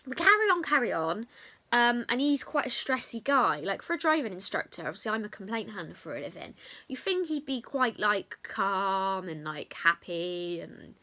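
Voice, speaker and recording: A woman's voice: medium pitch, moderate pace. A young woman, telling a chatty storytime to camera with lots of fillers. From England. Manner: chatty, animated retelling with many fillers. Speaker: vlogger. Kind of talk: storytime vlog.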